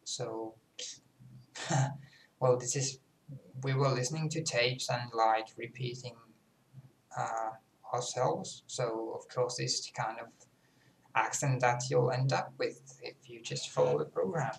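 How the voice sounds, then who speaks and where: A young Finnish man, a native Finnish speaker, carefully works at a British RP accent in an unhurried, halting delivery. He sounds self-conscious and pauses often as he chats casually for a vlog. The room is echoey and has a faint hum of background noise. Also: mid-range voice, gravelly. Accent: Finnish speaker attempting British RP. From Finland. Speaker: language student.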